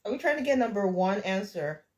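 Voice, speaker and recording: A woman's voice: medium pitch, very animated, brisk, echoey room. A woman teaching French over a video call, correcting and encouraging her student. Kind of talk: online tutoring session.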